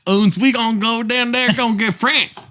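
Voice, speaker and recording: A man's voice: very high-pitched, fairly even intonation, moderate pace, bright, forceful tone, voice pushed up. A man doing a mocking, pompous dictator impression in a joke German-Southern drawl. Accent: mock Southern US mixed with German.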